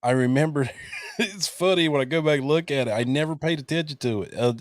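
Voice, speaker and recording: A man's voice: a little high, fairly quick, no room sound, studio quality. A man hosting a podcast interview, chatting casually in a jokey, self-mocking way and laughing often. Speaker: podcast host.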